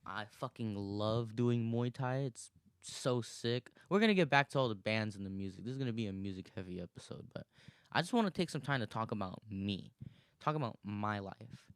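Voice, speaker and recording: Low-voiced rambling young guy, dry sound. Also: normal speed, clear, resonant tone, no echo. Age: 20s. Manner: rambling, swears a lot, laughs often. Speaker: podcast host. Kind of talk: casual solo monologue.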